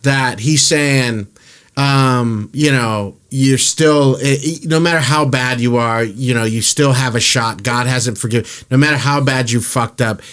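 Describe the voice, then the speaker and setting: A man's voice: mid-range voice, measured pace, fairly bright tone, smooth. Blunt, casual male podcast host. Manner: candid and blunt, swears freely, laughs often. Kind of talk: casual chat.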